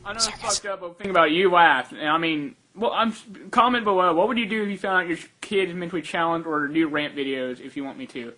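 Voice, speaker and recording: A man's voice: high voice, fast, hardly any pauses, bright, forceful tone. A young man in a played clip of his own rant video, rambling crudely and offhand.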